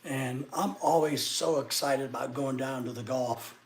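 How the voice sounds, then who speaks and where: A man's voice: medium pitch, a little slow, slight background noise. A middle-aged man from Arkansas, chatting casually with viewers on a livestream and teasing them sarcastically. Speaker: livestreamer answering chat.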